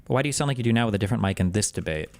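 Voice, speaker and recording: A man talking casually on his stream, explaining things quickly and animatedly, his voice jumping higher when he gets exasperated. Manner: fast, animated, explanatory talk that jumps up in pitch when exasperated. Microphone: close desk microphone.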